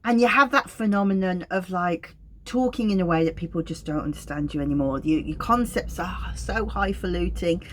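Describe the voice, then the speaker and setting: A middle-aged woman with a Wolverhampton accent, an aromatherapist explaining her practice to camera in a gentle, unhurried, thoughtful way. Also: lowish voice, slight background noise. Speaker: clinical aromatherapist.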